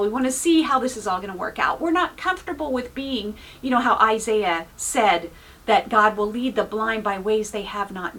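A woman's voice: fairly high pitch, fairly bright tone. A woman pastor giving an informal, earnest sermon, full of "you know" fillers. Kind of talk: conversational sermon.

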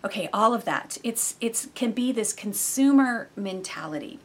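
A middle-aged woman preacher with a husky, slightly breathy voice. She talks through her sermon like a chat, animated and full of asides, and drops low and soft for the serious points. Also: moderate pace. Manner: conversational and animated, with frequent asides.

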